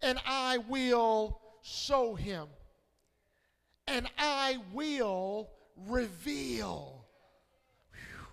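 High-pitched, slow-preaching man pastor. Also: lively intonation, gravelly. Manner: call-and-response preaching, rising to shouts. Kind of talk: sermon. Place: church sanctuary. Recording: long hall reverb.

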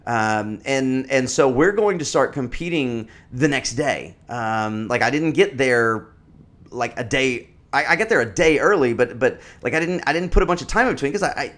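A man's voice: mid-range voice, expressive, moderate pace, a bit bright. Rambling man in his thirties telling a story. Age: 30s. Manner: rambling, many fillers and restarts. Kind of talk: casual storytelling.

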